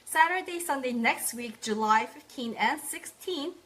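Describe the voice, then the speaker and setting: Young woman, high voice, upbeat online language teacher who drills words by repetition. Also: lively intonation, a bit bright. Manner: repeats words slowly for practice, cheerful praise. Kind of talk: live online language lesson.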